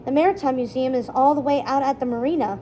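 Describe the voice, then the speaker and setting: A sensible boy from a storybook who talks in a practical, concerned way, as a woman reads his part. The voice is warm and mellow. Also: sits high, fast, a little hiss or hum, close to an everyday voice. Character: practical, worried boy friend.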